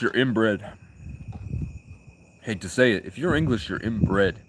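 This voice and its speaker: A man's voice: fairly low pitch, lively intonation, unhurried, pauses often, husky. Crude, rambling young male streamer. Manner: rambling, crude, provocative banter. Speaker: livestreamer. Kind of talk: live stream chat with viewers.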